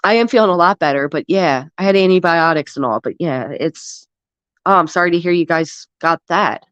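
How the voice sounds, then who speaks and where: A woman in her thirties talks to her live-stream chat, blunt and profane but quick to get sentimental, getting over the flu. Her voice is close and dry, with no room sound. The audio is slightly dull. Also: fairly low pitch, fairly bright tone, dry recording. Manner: candid, emotional and profane, shifts quickly between sappy and indignant. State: recovering from the flu. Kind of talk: casual live-stream chat, reading and answering chat.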